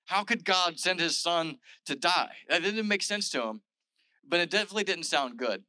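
A man's voice: fairly high pitch, lively intonation, normal speed, pushed and bright, dry recording, low-quality recording. A male pastor giving a casual, conversational sermon, retelling scripture in everyday modern speech with lots of "like" and "all right". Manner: chatty and informal, full of "like" and "all right".

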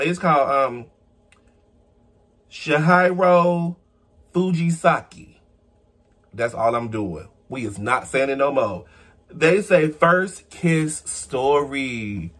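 A young man chatting casually on his vlog, answering viewer questions and telling stories with sudden high squeals and low murmurs. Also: breathy edge.

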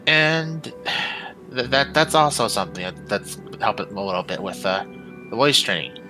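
A man on a casual voice-training podcast, talking in halting starts and restarts. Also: on the low side, lively intonation, music in the background, low-quality recording. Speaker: podcast co-host. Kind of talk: casual chat.

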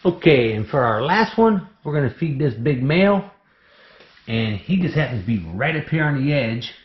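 A man keeping snakes, talking through a casual how-to vlog in an excitable, chatty way. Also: mid-range voice, moderate pace. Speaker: snake keeper. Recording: echoey room, dull lo-fi sound.

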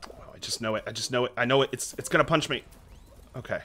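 A man streaming a video game live, reacting excitably and chatting to his viewers. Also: medium pitch, quick pace, faint music behind. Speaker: Twitch streamer.

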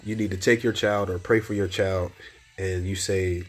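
A man gives a personal testimony of encouragement in a preacher-like manner, his tone steady and pace moderate. He repeats phrases, and his pitch rises when he exhorts.

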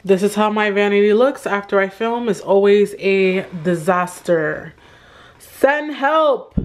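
A young woman vlogging in a chatty, casual way, with slang and frequent laughs. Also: mid-range voice. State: stuffy nose. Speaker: beauty vlogger. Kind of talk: casual vlog narration.

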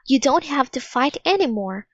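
Woman doing a high caring young girl. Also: big pitch swings, moderate pace, no echo, heavily acted. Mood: pleading. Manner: pleading, gentle reassurance. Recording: dull lo-fi recording.

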